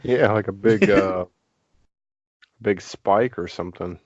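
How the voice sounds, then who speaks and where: A man's voice: sits low, slow pace, a little mellow, dry recording, muffled recording. A man hosting a podcast, casually recapping a film with lots of fillers and hedges. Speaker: podcast host. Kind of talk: casual movie discussion.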